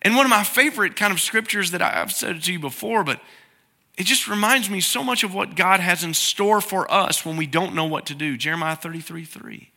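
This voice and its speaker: A middle-aged man preaching a sermon in a conversational way, now and then acting out prayers in a softer, lower voice. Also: brisk, vocal fry. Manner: conversational preaching, acts out quoted prayers in a soft low voice. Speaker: pastor.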